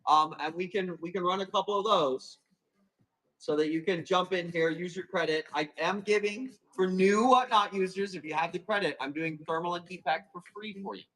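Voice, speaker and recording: A man hosting a live plant auction stream, chatting casually and calling quick countdowns, with a casual swear here and there. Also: high-pitched, a bit bright, poor audio. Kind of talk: livestream sales chat.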